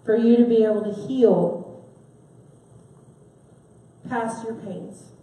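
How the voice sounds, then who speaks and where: A woman giving a sermon, asking her listeners questions and stressing key words with soft pauses. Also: fairly high pitch, fairly even intonation. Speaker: preacher. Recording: very echoey, from far off the mic.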